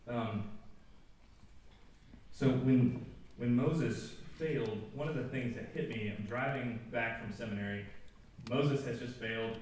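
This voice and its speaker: A man with a dark, mellow voice addresses a school audience in a relaxed chapel talk, joking around and wandering into frequent asides. The sound carries through a big auditorium with lots of echo, captured from a distance with a little noise beneath it.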